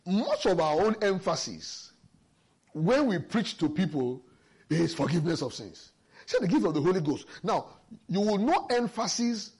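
Male preacher, husky and animated, emphatic scripture exposition. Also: on the high side. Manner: lively, emphatic Bible exposition with personal stories. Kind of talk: sermon.

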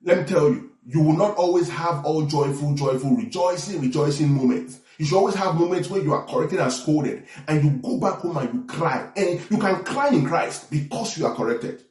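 A man preaching a sermon as pastor, animated, often checking in with the congregation. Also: a little high, moderate pace, hardly any pauses. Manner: animated preaching with call-and-response asides. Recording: echoey room from far off.

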